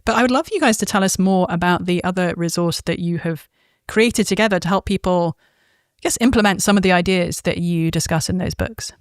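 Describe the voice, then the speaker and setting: A middle-aged woman hosting a podcast in a casual interview chat, chatty and often pausing to search for words. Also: lowish voice, no room sound, clean studio sound. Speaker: podcast host.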